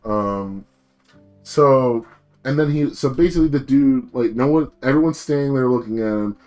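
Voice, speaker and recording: A man's voice: mid-range voice, normal speed, a little mellow, soft background music. A man streaming as a VTuber, ranting in a casual, rambling way and swearing freely while telling stories on himself. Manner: rambling, profane, self-deprecating.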